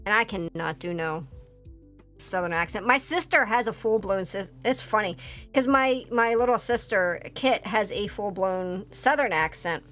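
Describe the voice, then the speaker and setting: Building a model kit on stream, this Philadelphia-accented VTuber talks loosely, full of fillers and false starts. She has a medium-pitched, fairly bright voice and keeps a moderate pace, with faint background music underneath.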